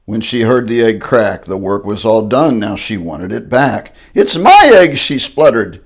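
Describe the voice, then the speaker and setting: A man's voice: lowish voice, unhurried, breathy edge. An older grandfather reading a rhyming picture book aloud in a sing-song manner.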